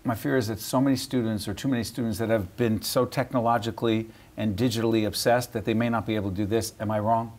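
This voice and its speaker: A man's voice: fairly low pitch, fairly even intonation, quick pace, hardly any pauses, a little mellow. A man hosting a TV studio interview who keeps interrupting with probing questions and plays devil's advocate. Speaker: TV interview host.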